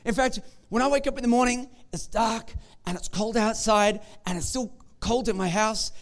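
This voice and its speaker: A man's voice: high-pitched, moderate pace. A man giving a sermon as pastor, in a conversational, joking way and often repeating words. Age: young adult or middle-aged.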